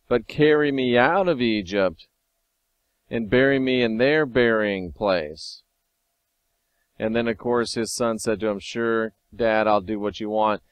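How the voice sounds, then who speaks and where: A man hosting a casual video monologue, talking wryly and sometimes excitedly as he reads and comments on scripture. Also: lowish voice, unhurried, no room sound. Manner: conversational, wry, sometimes excited. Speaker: video host.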